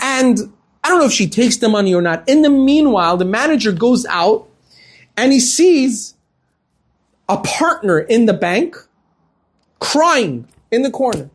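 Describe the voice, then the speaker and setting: Brief: rabbi telling a story, husky mid-pitch voice, animated delivery. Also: male voice, measured pace, pauses often. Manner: animated storyteller acting out dialogue. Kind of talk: storytelling lecture.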